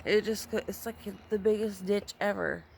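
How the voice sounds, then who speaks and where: A woman's voice: medium pitch, steady tone, normal speed, creaky, noisy background. A woman giving a casual, chatty gardening vlog outdoors in her front yard, swearing at times, filmed on a handheld phone. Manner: chatty, swears when annoyed. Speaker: vlogger.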